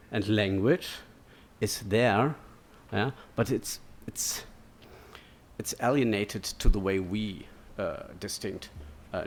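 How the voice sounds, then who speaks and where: A man delivers an academic lecture in a rambling, digressive manner, repeatedly checking in with "yeah?" and "no?". His voice is on the low side, with a little hiss or hum in the recording.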